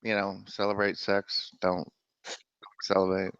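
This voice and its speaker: Low-voiced man hosting a livestream. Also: smooth, no room sound. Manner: animated, exclamatory, quick to laugh. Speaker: livestream host. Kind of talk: casual livestream talk about the Bible. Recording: dull, dry lo-fi sound.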